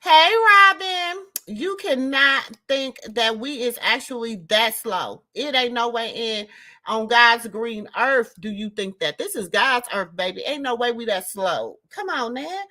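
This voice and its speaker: A woman in her fifties hosting a casual commentary, emphatic and animated, repeating lines for effect. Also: a little high, a little slow. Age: 50s. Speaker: host.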